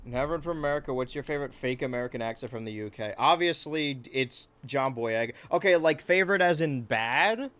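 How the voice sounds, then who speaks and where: A male game streamer at a middling pitch, chatting casually while he plays. He rambles between the game and chat questions, swearing freely as he goes. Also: brisk, few pauses, fairly bright tone, clear, resonant tone. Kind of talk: casual let's-play commentary.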